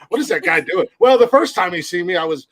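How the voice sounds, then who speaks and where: Man with a high-set voice, rambling storyteller, laughs through his lines, video call audio. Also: animated, a little fast. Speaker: podcast co-host. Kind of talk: casual chat.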